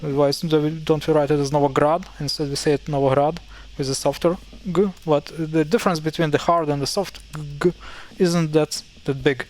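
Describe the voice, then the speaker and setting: Halting Ukrainian-accented man explaining. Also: fairly high pitch, steady tone, a little mellow, poor audio. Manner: halting, self-correcting, thinks aloud. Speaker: language teacher. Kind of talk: casual explainer.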